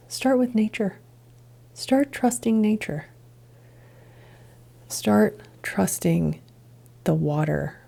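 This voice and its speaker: A woman's voice: medium pitch, lively intonation, drawn-out words, gravelly, pauses often, dark tone. A woman hosting a podcast, musing earnestly in a reflective solo monologue full of rhetorical questions. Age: adult, past childhood and drinking years. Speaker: podcast host, integration coach.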